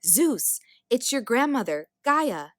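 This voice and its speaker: A woman's voice: fairly high pitch, very animated, takes it slowly, no echo, studio quality, voice pushed up. A woman voicing an old grandmother earth goddess calling out urgently in a storybook reading.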